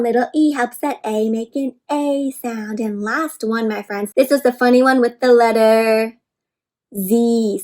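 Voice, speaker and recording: Animated woman reading aloud to kids. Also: high voice. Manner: animated, with frequent gasps; teacherly, sounds words out. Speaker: children's storyteller. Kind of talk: interactive read-aloud for kids.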